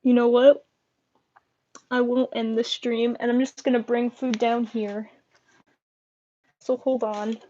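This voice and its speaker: A woman's voice: a little high, flat delivery, unhurried, long pauses, darkish tone. A woman chatting casually on a live stream at home, playfully talking to her pets. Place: home room. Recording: dull lo-fi stream audio.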